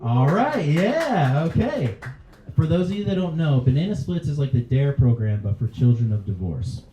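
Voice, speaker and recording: A man's voice: on the high side, very animated, moderate pace, mellow, faint music behind. A male stand-up comedian on a club stage who chats with the crowd and laughs at his own jokes. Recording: dull, roomy live club recording. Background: faint audience laughter.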